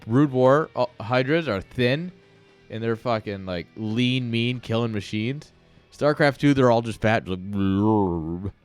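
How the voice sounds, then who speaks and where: A man's voice: medium pitch, measured pace, soft background music. A man casually commentating a live video game match, ranting and joking while chatting with viewers. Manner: rambling, ranting, jokey, chats with viewers. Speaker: esports caster and streamer.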